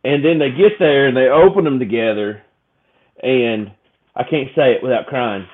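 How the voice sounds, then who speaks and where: A man's voice: mid-range voice, moderate pace. A man talks casually on a podcast, emotional and rambling, full of restarts and fillers. His voice comes through thin and tinny, like a phone line. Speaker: podcast co-host. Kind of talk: casual chat.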